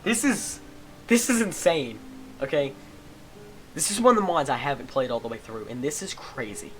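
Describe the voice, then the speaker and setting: Male gamer, excitable, loud reactions while reading a story game aloud, average pitch. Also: normal speed, faint music behind.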